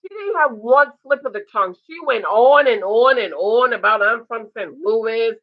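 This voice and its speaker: A woman chats through a reality-show recap, animated and quick to mimic the people she talks about. Her voice sits a bit high. The recording sounds dull and lo-fi. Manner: animated, mimics the cast in quotes. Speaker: show reviewer. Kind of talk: casual TV recap.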